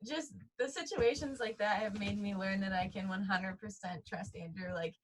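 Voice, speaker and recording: A woman's voice: mid-range voice, moderate pace, a little hiss or hum, low-quality recording. A woman telling her side of a story as a podcast guest, often laughing as she talks. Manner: giggly, animated. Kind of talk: casual storytelling.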